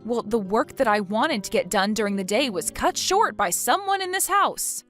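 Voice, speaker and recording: Playing an exasperated young wife working from home, a woman fires off sharp, angry comebacks in a text-story dramatization. Her voice is on the high side with lively intonation and a moderate pace, over faint background music.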